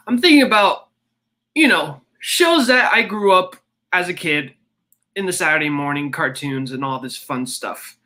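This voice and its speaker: Young male streamer, casual rambling chat, slow and bright. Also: fairly high pitch. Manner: chatty, rambling with many fillers.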